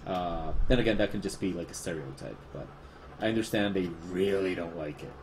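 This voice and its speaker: A man's voice: low voice, brisk, a little mellow, slight background noise. A man with a Spanish accent, a livestreaming artist chatting casually, rambling and self-deprecating as he answers chat.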